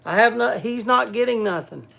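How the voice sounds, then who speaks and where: A man's voice: very high-pitched, normal speed, vocal fry, a bit bright. A man casually chatting to viewers on a livestream, rambling with many restarts and scolding his pet. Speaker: livestream host.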